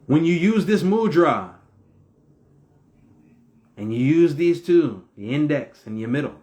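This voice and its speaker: A man's voice: a little high, expressive, a little slow, warm tone. A man hosting his own video, giving a casual spiritual talk full of rhetorical questions in a preachy manner. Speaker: video host.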